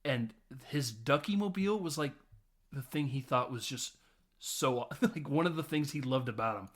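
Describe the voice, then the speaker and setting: A man hosting a podcast, retelling a film in a casual, laughing way with frequent swearing and quick voiced quotes. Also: mid-range voice, lively intonation, a bit bright. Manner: swears freely, laughs often. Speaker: podcast host.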